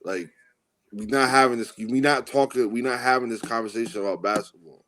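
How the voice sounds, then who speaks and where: A man's voice: mid-range voice, fairly quick, fairly bright tone, dry recording. A man co-hosting a podcast in casual chat, emphatic and ranting, repeating "like, bro" and telling people to stop. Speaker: podcast co-host.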